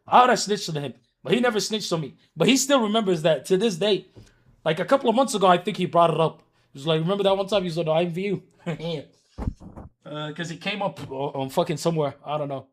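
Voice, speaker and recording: A man livestreaming and telling a story to his chat, animated and profane, moving between mutters and shouts. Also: on the high side.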